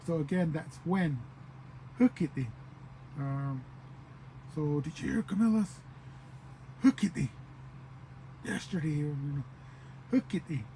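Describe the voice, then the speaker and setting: A man teaching a language lesson at a slow, patient pace, saying each word over and over. He acts out everyday example phrases, and his voice sits a little high for a man. A faint outdoor hum with passing vehicles runs under the recording. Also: dark tone, rough recording. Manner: repeats words slowly, acts out example phrases.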